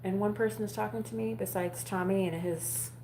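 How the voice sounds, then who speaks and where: A woman's voice: mid-range voice, fairly even intonation, a little fast, echoey room, background noise. A woman chatting casually on a live stream from home at night, blunt and rambling, swearing freely. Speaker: vlogger talking to a live audience.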